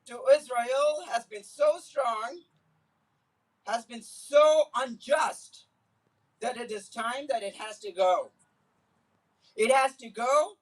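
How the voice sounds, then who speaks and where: A man giving an impassioned public speech at a community event, telling personal stories and building to forceful, emphatic repetition. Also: very high voice. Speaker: community speaker at a solidarity event. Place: Islamic center event. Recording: voice picked up from a distance.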